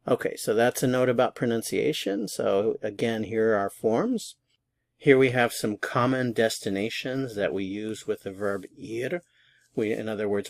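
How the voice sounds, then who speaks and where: A man walks through a language lesson at a board, patient and clear, saying each form slowly and then repeating it. His voice sits fairly low. The sound is dry, with hardly any room echo. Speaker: Spanish teacher.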